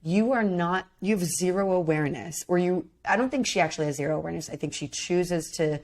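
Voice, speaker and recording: A woman's voice: lowish voice, fairly quick, darkish tone. A woman co-hosting a podcast, chatting casually and bluntly, with lots of "like". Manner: blunt, opinionated, says "like" often. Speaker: podcast co-host. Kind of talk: casual chat.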